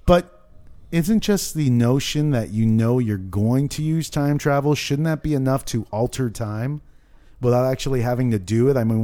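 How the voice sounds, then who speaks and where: A man's voice: mid-range voice, dark tone. A man hosting a casual pop-culture podcast at a convention, rambling with many fillers and growing playfully incredulous. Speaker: podcast host.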